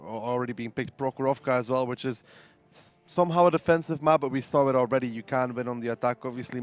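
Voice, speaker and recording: A man's voice: medium pitch, clean tone. A man giving esports analysis as co-caster, thinking aloud with frequent fillers. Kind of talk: esports commentary.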